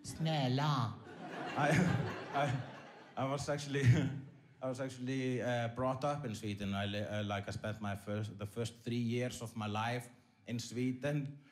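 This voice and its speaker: A man doing stand-up comedy on a theater stage, rambling and deadpan, with lots of fillers and restarts. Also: mid-range voice, measured pace, a little hiss or hum.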